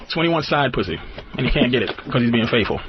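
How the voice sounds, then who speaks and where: A man's voice: mid-range voice, very animated, racing. A man hosting his own show, ranting crudely and laughing as he talks. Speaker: show host. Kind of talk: profane comedic rant. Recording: lo-fi played clip, loud background noise.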